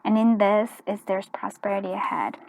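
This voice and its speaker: A woman reading tarot cards in a casual chat, with a hoarse, fading voice that keeps clearing its throat, rambling with restarts and dropping into soft half-whispered asides. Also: mid-range voice, steady tone, moderate pace, no echo. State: hoarse, voice going. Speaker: tarot reader. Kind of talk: casual pick-a-card reading.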